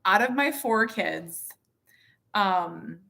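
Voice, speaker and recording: Bright-voiced chatty mom in her thirties. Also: medium pitch, lively intonation, extremely slow, gravelly. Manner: frank, chatty and self-mocking, with laughs and fillers. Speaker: mother and vlogger. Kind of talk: casual candid chat to camera.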